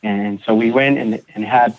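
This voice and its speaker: A man guest on a recovery podcast, telling his personal story in a halting way, repeating words and acting out what others said. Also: fairly low pitch, steady tone. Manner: halting, repeats words, acts out quoted voices. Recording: tinny phone-like audio.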